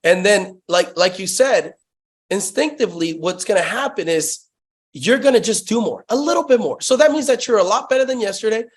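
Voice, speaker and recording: A man's voice: high voice, animated, a little fast. A young man telling sales stories in a casual interview, profane and hyped, saying "bro" constantly. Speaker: guest, sales company founder.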